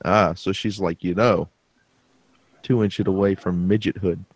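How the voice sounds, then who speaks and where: Low-voiced dude hosting a podcast, dry close sound, jokey and sweary. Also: male voice, fairly even intonation, measured pace, no echo. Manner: wry, joking, swears casually. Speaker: podcast host. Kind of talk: casual podcast chat.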